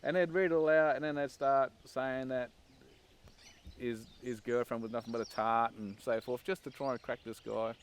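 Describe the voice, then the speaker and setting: Clear and resonant, a man's medium-pitched voice moves at a moderate pace and a steady tone. Interviewed for a documentary as a former army recruit, he recounts his training anecdotally and wryly, using lots of "um"s and "and"s.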